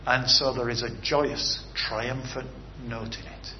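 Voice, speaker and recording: Here a man with a mid-range voice takes his time, keeping his intonation fairly even as he preaches earnestly toward a closing prayer. Rhetorical questions and rising, falling emphasis drive his points, heard through a slightly dull recording with faint background hiss.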